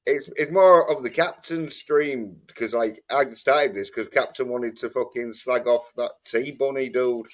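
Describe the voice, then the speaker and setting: A man's voice: medium pitch, measured pace, hardly any pauses. A man in casual late-night chat as stream co-host, laid-back and hesitant.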